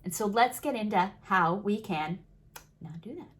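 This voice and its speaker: A woman's voice: mid-range voice, expressive, moderate pace. A woman coaching viewers on manifesting in an emphatic motivational talk, repeating key phrases and stretching words for stress.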